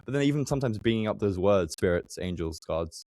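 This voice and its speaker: A man's voice: on the low side, expressive, a little fast, a little mellow, no echo. A young man hosting a podcast interview, asking searching questions tentatively with many fillers. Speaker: podcast host.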